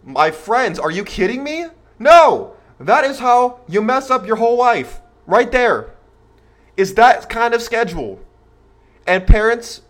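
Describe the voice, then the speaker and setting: A man in his twenties hosting a show, giving a blunt, slangy motivational talk to young men and parents, acting out the voices of others. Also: high voice. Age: 20s. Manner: animated, acts out voices of others. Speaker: podcast host. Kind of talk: motivational monologue.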